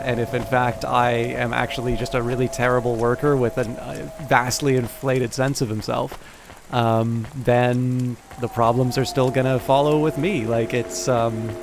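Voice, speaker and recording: Rambling, gravelly male streamer. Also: medium pitch, noisy background. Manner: rambling, hesitant, self-deprecating. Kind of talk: casual gameplay commentary. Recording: game music under voice.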